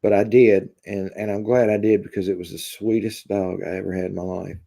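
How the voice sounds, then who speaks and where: A man hosting a live stream, chatting casually with viewers in a deadpan, rambling way full of fillers. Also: lowish voice, fairly quick, vocal fry. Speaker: live-stream host reading chat.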